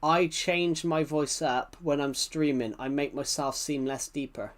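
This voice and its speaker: A man's voice: on the high side, steady tone, a little slow. A man with a British accent, chatting casually on a live game stream, rambling and answering chat messages with frequent restarts. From United Kingdom.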